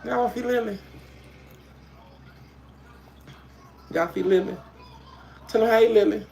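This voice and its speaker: A homey, playful middle-aged Southern woman with an Alabama drawl, as a man puts her on. Her voice sits a touch high, with a gravelly fry, and she coos at her dog between folksy asides to the viewers. It is a casual livestream chat from home. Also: fairly even intonation, normal speed, a little mellow. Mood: cooing. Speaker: livestream host.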